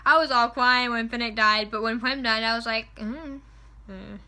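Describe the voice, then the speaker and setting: Young woman vlogging, high bright voice, rambly and worked up, right up on the camera mic. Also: normal speed. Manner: excitable, rambling, opinionated. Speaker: vlogger reviewing a film. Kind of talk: casual chat. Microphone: camera mic at close range.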